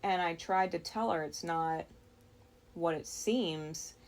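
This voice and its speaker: Low, gravelly woman for a dream-story read: unhurried, reflective, halting. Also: darkish tone. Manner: slow, reflective, with frequent pauses and restarts. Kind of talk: recounting a dream.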